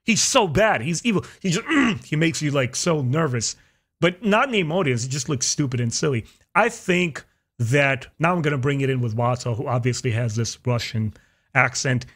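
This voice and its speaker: A man hosting a podcast, chatting casually and opinionatedly, his pitch jumping up for emphasis. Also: normal speed. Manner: opinionated, animated, jumps into high pitch for emphasis. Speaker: podcast host. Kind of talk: casual chat.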